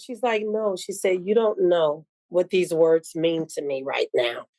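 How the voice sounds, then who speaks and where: A woman who owns a spice shop appears as a guest in a casual conversation, sharing heartfelt stories in an earnest way and acting out the dialogue. Her voice is fairly low, a little slow and mellow, and the recording is dry.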